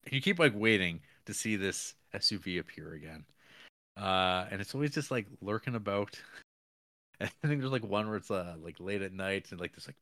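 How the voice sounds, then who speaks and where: A man's voice: fairly low pitch, animated, moderate pace, pushed and bright, dry recording, clean studio sound. A man co-hosting a podcast, recapping a film in a rambling casual way with frequent chuckles. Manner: rambling, chuckles often, many fillers. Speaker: podcast co-host.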